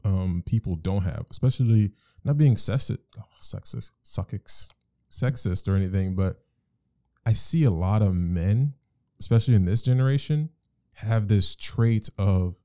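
A man with a low-pitched, very dark and mellow voice in casual podcast conversation. He talks in a loose, rambling way and leans hard on his points. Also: moderate pace, no echo, studio quality.

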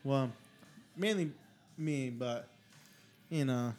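In casual podcast chat, a young male host tells rowdy, curse-laden stories in a loose way, swearing constantly. His medium-pitched, darkish voice moves slowly, and faint music plays in the background.

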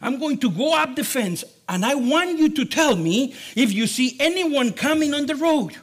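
A man voicing an excitable father in a children's story, with loud, flustered questions. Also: very high voice, normal speed, voice pushed up. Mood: scheming.

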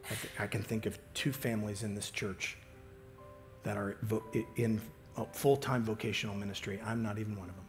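A pastor preaching a sermon, swinging from loud emphatic lines to hushed near-whispers, with halting restarts. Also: male voice, lowish voice, steady tone, faint music behind.

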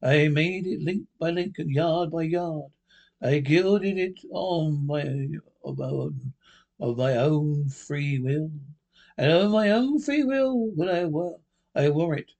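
A man's voice: fairly high pitch, takes it slowly, vocal fry, a little mellow. Mournful ghost of a man bound in chains , read by a man, grave and solemn. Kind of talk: storybook reading.

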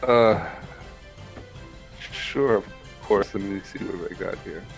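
Slow, drawling man at the game table. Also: low voice, creaky, faint music behind. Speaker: player. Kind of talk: casual game table banter.

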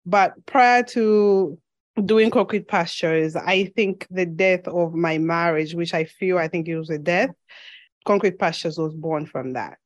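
A woman's voice: on the low side, unhurried, no echo. A woman from Zambia with a slight lisp, a podcast guest telling her story in an earnest, reflective way in a casual interview.

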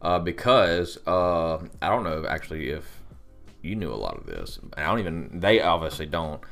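A young man with a deep voice, chatting casually as a podcast co-host, rambling through his stories. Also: normal speed, vocal fry, soft background music. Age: young adult. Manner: rambling, animated storytelling. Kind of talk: casual chat.

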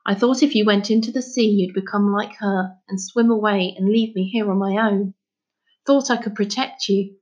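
A woman reading aloud voices a grieving middle-aged fisherman father, speaking in a heavy, halting way. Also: mid-range voice, darkish tone, lo-fi sound, lightly acted.

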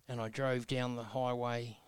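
A man's voice: medium pitch, little pitch movement, measured pace, clean tone, no echo. A man in his sixties with an Australian accent, telling his life story as an interview guest in a blunt, earnest, folksy way. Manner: blunt, earnest, folksy with mild self-mocking humor.

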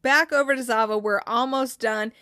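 A woman giving a casual, animated recap of a TV episode, swearing freely and acting out the characters' lines. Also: a little high, moderate pace, dry recording, studio quality.

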